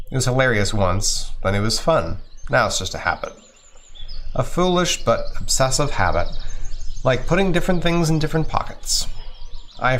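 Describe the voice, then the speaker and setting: A man's voice: medium pitch, a bit bright, slight background noise. Man reading a game aloud, dry and wry. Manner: wry, sardonic delivery with occasional stumbles. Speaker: let's play host. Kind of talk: reading a visual novel aloud.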